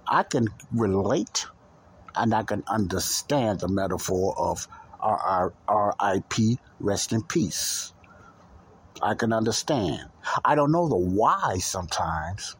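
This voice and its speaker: A man's voice: fairly low pitch, animated, slow pace, breathy edge. A man hosting a Christian talk show, talking earnestly and repetitively straight to his listeners. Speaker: podcast host.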